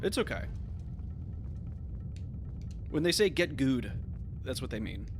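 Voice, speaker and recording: A young man streaming a game, talking casually with sarcastic, excitable reactions. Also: mid-range voice, slow pace, over music. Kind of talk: casual live-stream commentary.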